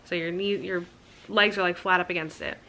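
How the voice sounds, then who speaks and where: A young woman talks straight to camera, relating a personal story in a casual, candid way. Her voice sits a little low but sounds bright and forward. She peppers her speech with "like" and laughs at herself now and then. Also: fairly even intonation, fairly quick, vocal fry, a little hiss or hum. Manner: chatty, candid, frequent "like" fillers, laughs at herself. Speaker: vlogger telling her birth story.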